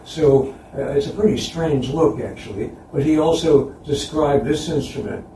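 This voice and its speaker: A man giving a conference lecture about slides, relaxed and chuckling between points. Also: on the high side, normal speed, slight background noise. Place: concert hall. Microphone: distant room mic. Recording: roomy, distant hall recording.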